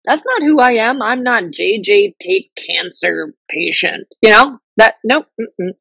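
A woman's voice: fairly high pitch, expressive, a little slow, vocal fry, bright, forceful tone, husky, no room sound, poor audio. Middle-aged woman, candid casual talk, lots of fillers, dry close sound. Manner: candid, chatty, many fillers and restarts.

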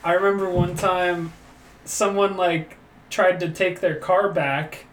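A young man telling stories in relaxed, profane chat among friends. His voice sits high for a man. He sounds far from the mic in a roomy space with faint noise behind. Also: slow. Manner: laid-back, profane storytelling. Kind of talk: casual chat.

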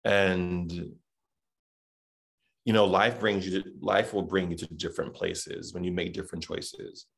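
A middle-aged Southern man chats as a podcast guest, thinking aloud and circling back on his words. His voice sits very low and carries a gravelly rasp. He talks in a casual, reflective way. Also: level tone, unhurried. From Texas, USA. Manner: reflective, rambling with many restarts and fillers. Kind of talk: casual interview chat.

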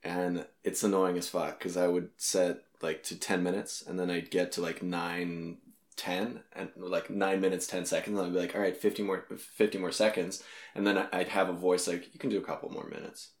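Laid-back guy with a low voice, chill chat, echoey room. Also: flat delivery, normal speed. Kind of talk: casual chat.

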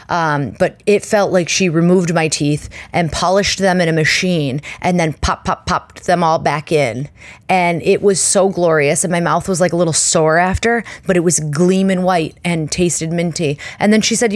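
A woman in her thirties hosting a podcast, telling a story in a chatty, animated way and acting out the people in it. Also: on the low side, no echo. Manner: chatty and animated, acts out quoted voices. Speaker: podcast host. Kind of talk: casual storytelling monologue.

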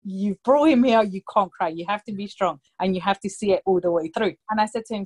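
A woman in her thirties telling a story in casual chat, lively and anecdotal, slipping into quoted voices for the people in it. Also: medium pitch, brisk, hardly any pauses. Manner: lively anecdotal storytelling, quoting others in brief put-on voices.

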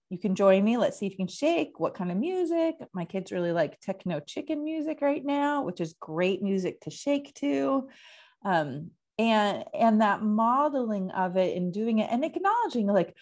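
A woman and parent talking casually about calming techniques, chatty and laughing often. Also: medium pitch, moderate pace. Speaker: parent and therapist. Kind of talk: casual conversation.

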